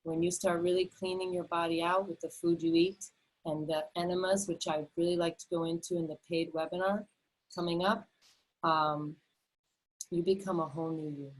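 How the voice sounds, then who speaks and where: A woman's voice: lowish voice, fairly even intonation, normal speed, low-quality recording. A middle-aged woman teaching a health webinar over a video call, earnest and repetitive, often restarting with fillers. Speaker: health educator. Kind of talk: enthusiastic webinar talk.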